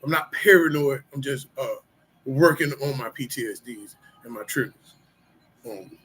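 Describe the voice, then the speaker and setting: A man's voice: mid-range voice, moderate pace, fairly bright tone, husky, poor audio. A middle-aged man talking casually and candidly to his viewers about his past and how he has changed, rambling with lots of fillers and street slang. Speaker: vlogger sharing personal recovery. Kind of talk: casual personal talk to camera.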